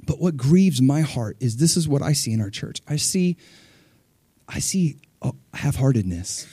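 A middle-aged man preaches with loose, animated energy. He keeps breaking into acted-out voices with big leaps in pitch. His voice sits in a middle range and is recorded close and dry. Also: a little slow, breathy edge, dry recording. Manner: animated, acts out voices of people and God with sudden pitch jumps. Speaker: pastor. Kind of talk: sermon.

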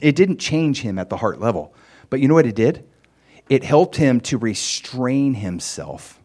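A man preaching a sermon in a casual, animated storytelling way, with lots of fillers and sudden rises in pitch and volume for emphasis. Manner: animated storytelling, chatty fillers, swings loud and high for emphasis.

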